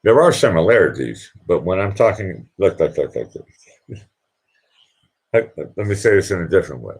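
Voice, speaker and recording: Husky deep-voiced rambling man. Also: sing-song, normal speed, a little mellow. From Boston. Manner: rambling, with restarts and repeated words. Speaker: live stream host. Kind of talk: casual live stream chat.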